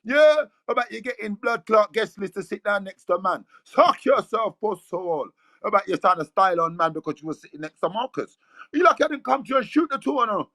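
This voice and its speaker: A man's voice: high-pitched, lively intonation, fairly quick, sharp tone, dry recording. A man with a London accent ranting aggressively in slang, boasting and calling people out. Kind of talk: heated rant.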